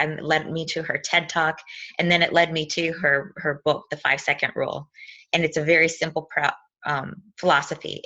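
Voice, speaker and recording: A woman giving an animated motivational talk, telling stories and acting out what people said. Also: lowish voice, highs cut off. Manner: animated storytelling, acts out quotes.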